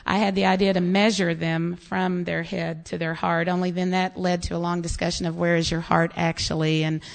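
With a lowish voice and some vocal fry, this American woman pastor speaks at a normal speed as she preaches. Her sermon is full of lively storytelling, complete with quoted voices and laughter, and she comes from the United States.

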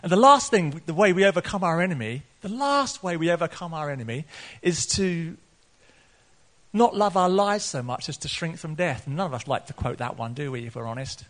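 Earnest pastor preaching. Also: male voice, on the high side, brisk. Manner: earnest, laughing often, voice rising to excited peaks. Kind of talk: sermon.

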